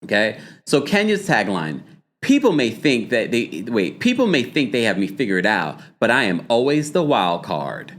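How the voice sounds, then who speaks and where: A man's voice: mid-range voice, moderate pace. A man hosting a reality TV recap stream, chatty and laughing, reading chat comments and acting out taglines. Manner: animated, laughing, reads chat comments aloud; puts on a dramatic voice to read taglines. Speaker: host.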